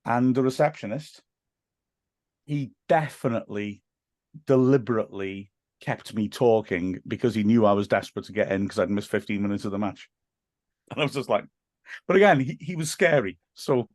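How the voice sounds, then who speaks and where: A man's voice: lowish voice, moderate pace, darkish tone, dry recording, clean studio sound. A man who commentates on football, telling self-deprecating stories in a casual podcast chat and laughing often. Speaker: English teacher.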